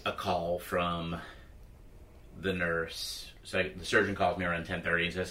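Deep-voiced man, off-mic in an echoey room. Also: level tone, a little slow, sharp tone, slight background noise. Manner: rambling storyteller, chuckling. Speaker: podcast guest. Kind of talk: casual podcast chat.

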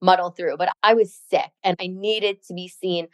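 A woman's voice: lowish voice, steady tone, moderate pace, dry recording. Sarcastic, emphatic woman podcast host. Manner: emphatic, sarcastic storytelling with many "like" and "you know". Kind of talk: casual chat.

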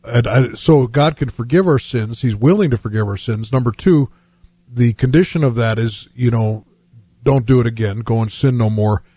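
Older man talking gently, husky and mellow. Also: mid-range voice, no room sound. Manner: gentle, halting, many fillers. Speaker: program host. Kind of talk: reflective radio talk.

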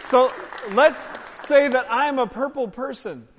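High-voiced pastor guy joking around with his congregation, big echoey church hall. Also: a little slow, some chatter behind. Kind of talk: sermon with audience participation. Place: church sanctuary.

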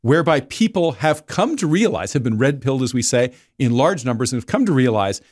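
A man's voice: mid-range voice, very animated, brisk, darkish tone, dry recording, studio quality. A man speaking as a guest editor in a casual discussion, digressive and often repeating words as he restarts.

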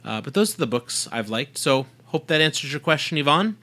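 A man's voice: mid-range voice, fairly quick, sharp tone, faint music behind. A man co-hosting a podcast with his wife, reading listener questions in a playful, teasing way. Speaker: podcast co-host. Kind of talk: casual chat.

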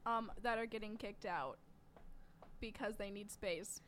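A woman's voice: medium pitch, a little slow, a bit bright, slight background noise. A young woman co-hosting a casual college podcast, chatty and giggly, often trailing off mid-sentence. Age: young adult. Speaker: podcast co-host.

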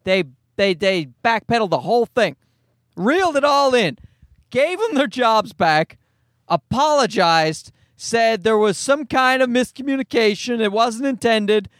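Animated, high-voiced ranting man. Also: a little slow, no room sound, studio quality. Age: adult parent. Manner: profane, animated, exasperated storytelling. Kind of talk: comedic rant monologue.

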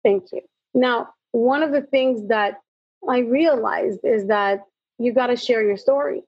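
Her voice is a little high and husky, and she takes her time. This middle-aged woman, a motivational speaker being interviewed, animatedly relates her own story and voices the dialogue herself. There's no room sound, and the recording comes across dull and lo-fi.

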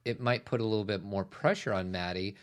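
A middle-aged man co-hosts a casual family podcast. His voice sits low. He speaks plainly and slips in dry, joking asides. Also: a little fast. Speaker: podcast co-host.

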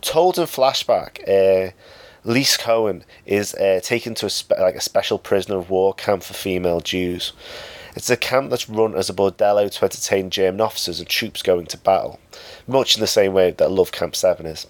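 A man's voice: sits low, normal speed, dry recording. A man reviewing a film in a casual, hesitant way, with frequent ums and uhs. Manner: hesitant, many fillers.

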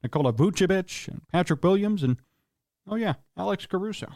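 Sports radio host, male, high-pitched, opinionated and exasperated, dry close sound. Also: animated, a little fast, darkish tone, no echo. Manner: opinionated, exasperated rants with rhetorical questions. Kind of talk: solo sports talk commentary.

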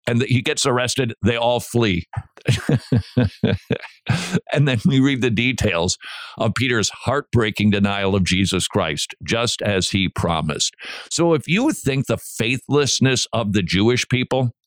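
A middle-aged man hosting a Christian radio talk show, preaching in an animated way with asides and restarts. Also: medium pitch, a little slow, no room sound, studio quality. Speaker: radio host.

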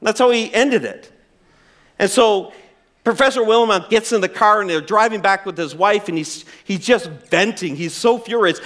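A pastor delivering a sermon in a notably high male voice. He builds lines to emphatic peaks, then sinks to quiet, stretched-out words for weight. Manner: dynamic preaching, rising to emphatic peaks and dropping to soft, drawn-out words. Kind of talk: sermon with closing prayer.

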